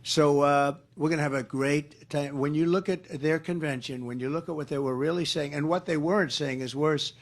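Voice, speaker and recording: A man's voice: a little high, steady tone, moderate pace, few pauses. An older man giving rambling, boastful off-the-cuff campaign remarks in a crowded room, repeating his phrases. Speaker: campaigning politician. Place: large indoor room with a crowd. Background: crowd noise.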